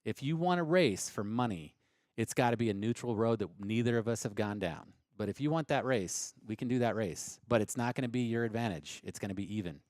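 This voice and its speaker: A man's voice: on the low side, animated, fairly quick, a little mellow, dry recording. A man speaking as a racer guest on a live studio show, talking bluntly and casually with some swearing.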